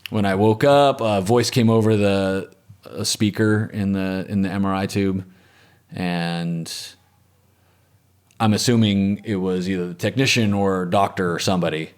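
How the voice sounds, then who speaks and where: A man as an interview guest, telling a personal story in a reflective, matter-of-fact way that often trails off softly. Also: low-pitched, steady tone, unhurried. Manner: reflective, matter-of-fact, with frequent restarts and trailing soft phrases.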